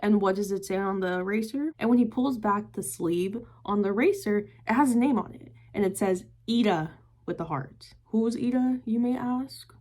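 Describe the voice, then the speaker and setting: A woman's voice: mid-range voice, normal speed, hardly any pauses, darkish tone. Chatty young woman retelling a manga. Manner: chatty retelling, heavy use of "like" and "yada yada". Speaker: manga reviewer. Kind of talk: casual book review vlog.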